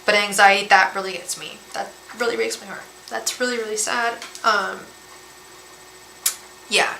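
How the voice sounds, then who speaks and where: A woman's voice: mid-range voice, vocal fry. Emotional woman giving a live tarot reading. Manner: gentle, emotional, repeats and restarts often. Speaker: tarot reader and psychic medium. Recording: echoey room with faint background hiss.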